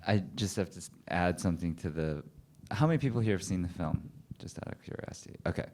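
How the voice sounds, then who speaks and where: A man on a festival panel telling animated behind-the-scenes anecdotes, laughing as he acts out what others said. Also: low voice, fast. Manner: animated anecdotes, laughing while acting out quotes. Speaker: film director on a panel. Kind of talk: panel storytelling.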